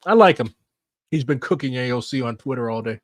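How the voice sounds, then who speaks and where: A man talks through political clips in loose, blunt commentary, throwing in swear words and filler. His voice sits at an ordinary pitch. The sound is dry and close, with no room echo. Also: animated, fairly quick. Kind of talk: casual reaction commentary.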